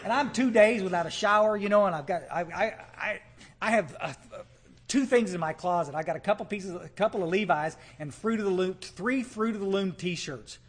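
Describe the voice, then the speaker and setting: A man's voice: high-pitched, normal speed. Folksy man telling his story. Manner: folksy, animated, checks in with the audience. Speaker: recovery meeting speaker. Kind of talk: storytelling talk to a live audience.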